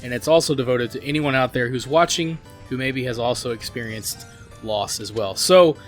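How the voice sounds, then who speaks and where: A man's voice: mid-range voice, normal speed. A man hosting a gaming channel, talking through his gameplay in an earnest, rambling way, with many "like" and "you know" fillers. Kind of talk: casual gameplay commentary. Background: faint game music.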